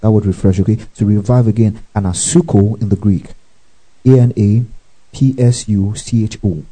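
A man's voice: on the low side, steady tone, moderate pace, dark tone, poor audio. A male pastor giving a Bible teaching sermon, spelling out words letter by letter and checking in with listeners with frequent "okay" and "praise the Lord".

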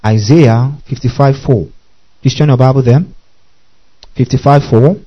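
Preaching in an unhurried, medium-pitched voice, a man spells out words one letter at a time and has his congregation echo him back. It's a teaching sermon recorded with dull audio.

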